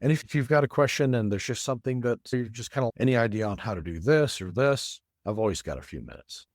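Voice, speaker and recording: A man's voice: medium pitch, animated, no room sound, clean studio sound. A middle-aged man who is a design consultant and an interview guest, talking in a friendly way and carefully spelling out details. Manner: friendly, careful and deliberate when giving details. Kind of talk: casual interview chat.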